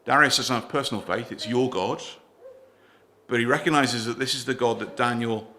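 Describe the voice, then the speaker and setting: A male preacher delivering a sermon in a church. His voice is bright and forceful, at a middle pitch for a man. He speaks earnestly, poses questions to his listeners, and often lets his phrases trail off more quietly. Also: normal speed, slight background noise. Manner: earnest, asks the congregation questions, drops softer at line ends.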